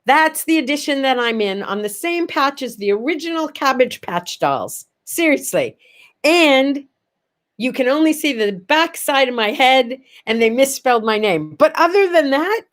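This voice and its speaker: An older woman hosting a casual morning chat, telling stories with lively energy and acting out the voices of the people in them. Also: on the high side. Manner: animated, acts out quoted voices in stories. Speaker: livestream host.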